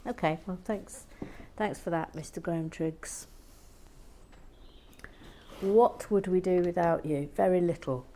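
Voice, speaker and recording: A woman with a sore throat talking softly to herself in ASMR style, slipping into whispers and dry teasing, close to the mic. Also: fairly low pitch, measured pace, pauses often, a little hiss or hum. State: sore throat, has a cold. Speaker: host. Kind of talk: soft-spoken ASMR building commentary.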